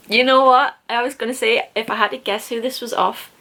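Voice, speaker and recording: Gushing young woman, bright-pitched. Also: animated, normal speed, slightly rough. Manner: gushing and enthusiastic. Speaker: book vlogger. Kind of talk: casual book haul vlog.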